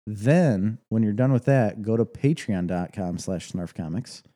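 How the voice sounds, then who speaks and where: Mellow male podcast co-host, easygoing and explanatory. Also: lowish voice, expressive, a little slow. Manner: laughs easily, explains patiently. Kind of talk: casual chat and plugs.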